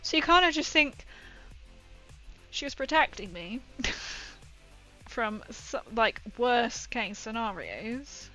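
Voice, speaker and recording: A woman's voice: on the high side, very animated, slow, long pauses, pushed and bright, poor audio. A young woman streaming while painting miniatures, telling a rambling story in casual chat with lots of fillers. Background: faint background music.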